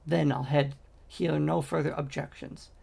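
Cold scheming wizard guy, clipped and bossy, a man reading him, slightly high gravelly voice. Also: little pitch movement, measured pace, darkish tone, full character voice. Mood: commanding. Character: scheming male magician, commanding and curt.

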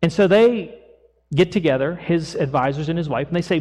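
A man preaching a sermon as pastor, retelling a Bible story in a lively storytelling way and voicing its people casually. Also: a little high, a little fast. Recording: long echo of a church hall.

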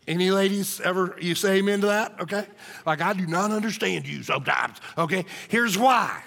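A male pastor preaching a sermon in a church, animated and joking, calling out to the congregation. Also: sits high, gravelly, in a large hall. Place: church sanctuary.

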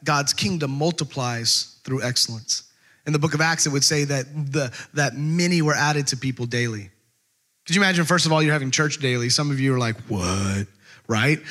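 A man preaching a casual, conversational sermon, telling a personal story with lots of fillers and animated asides. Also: a little high. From California. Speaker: pastor.

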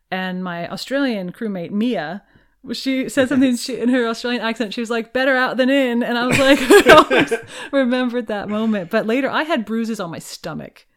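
Laughing woman guest telling stories. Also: mid-range voice. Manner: animated storyteller, laughs easily. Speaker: interview guest, tallship volunteer. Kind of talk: casual interview chat.

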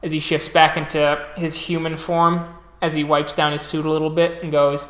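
A game master narrating a tabletop horror game slowly and deliberately. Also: mid-range voice, flat delivery. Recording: echoey room.

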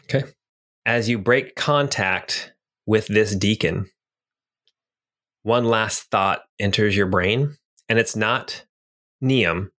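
A man's voice: lowish voice, slow pace, long pauses, a bit bright. A man narrating a tabletop game as game master, descriptive with some hesitant fillers.

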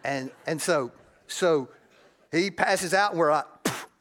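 A middle-aged man, preaching a sermon and telling a raw, emotional personal story that swings between loud and hushed. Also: a little high, slow pace. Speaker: pastor.

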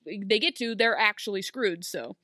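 A woman co-hosting a casual podcast, recapping a TV episode and acting out the characters' lines in quick animated bursts. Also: mid-range voice, dry recording, studio quality. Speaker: podcast co-host. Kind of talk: casual recap chat about a TV show.

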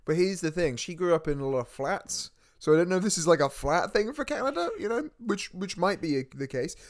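A man's voice: sits high, animated, fairly quick. Laughing, self-mocking man. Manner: laughs through his own story, self-mocking. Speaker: podcast co-host. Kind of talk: casual chat, storytelling.

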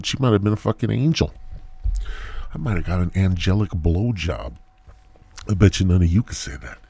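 A deep, warm, husky male voice, recorded dry with no echo on a new headset mic. Hosting a podcast solo, he rambles through a profane comedic monologue that keeps sliding into mumbled asides.

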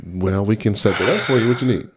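Low-voiced male host asking questions. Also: fast talker, crowd noise. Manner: leads with questions. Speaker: host and father. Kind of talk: casual family chat.

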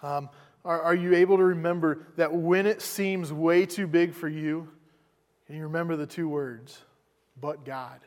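A man's voice: on the high side, steady tone, normal speed, big-room sound. A man preaching a sermon as pastor, conversational, repeating words as he goes.

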